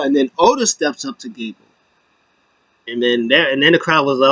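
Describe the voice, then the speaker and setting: A man's voice: mid-range voice, normal speed, long pauses, dry recording, lo-fi sound. Chatty man recapping wrestling. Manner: rambling, animated retelling full of fillers. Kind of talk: casual recap chat.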